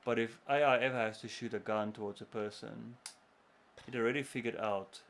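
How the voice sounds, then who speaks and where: A man co-hosting a gaming livestream, chatting in an animated way and stopping to search for words. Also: medium pitch, brisk, gravelly. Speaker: co-host of a gaming stream. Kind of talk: casual chat.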